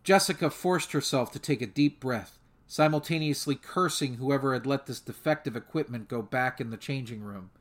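A man's voice: mid-range voice, moderate pace. Man narrating a fan audiobook steadily.

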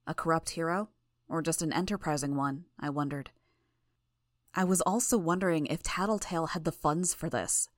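A woman reading a first-person audiobook in a measured, even way. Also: low voice, no room sound, clean studio sound. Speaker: audiobook narrator.

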